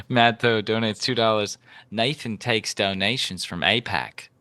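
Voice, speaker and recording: A man's voice: lowish voice, slow, pushed and bright, dry recording. A man moderating a live-streamed debate, reading out donations and joking with the guests in a teasing, casual way.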